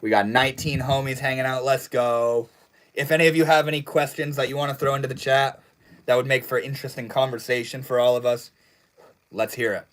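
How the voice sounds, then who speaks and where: A young man hosting a casual livestream, reading chat messages aloud and answering in a laid-back, slangy way that trails off into low mumbles. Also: flat delivery, brisk, fairly bright tone, low-quality recording. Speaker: livestream host.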